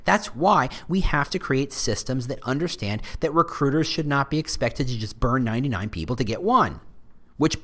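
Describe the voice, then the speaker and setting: Animated man hosting a podcast. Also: medium pitch. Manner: animated, jokey asides, speaks directly to listeners. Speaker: podcast host. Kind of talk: casual solo podcast monologue.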